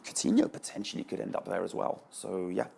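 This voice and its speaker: A man's voice: deep voice, lively intonation, quick pace, vocal fry, warm tone, breathy edge. A man, a panelist chatting analytically on a sports show. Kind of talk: panel discussion.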